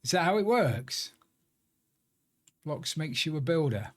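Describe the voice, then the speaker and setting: Man, game streamer, casual running commentary, self-deprecating jokes, slightly high voice. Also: very animated, measured pace. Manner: chatty, self-deprecating banter. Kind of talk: casual live-stream commentary while gaming.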